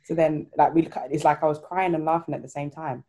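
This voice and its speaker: Low dark-voiced woman telling stories. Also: fairly even intonation, a little fast, lo-fi sound. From Ghana. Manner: chatty, storytelling, acts out quoted voices. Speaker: new mother. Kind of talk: casual chat.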